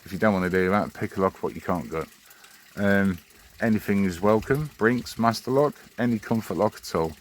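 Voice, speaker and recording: A man's voice: fairly low pitch, normal speed. A man hosting his own channel, chatting in a rambling, friendly way. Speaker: channel host. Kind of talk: casual vlog address.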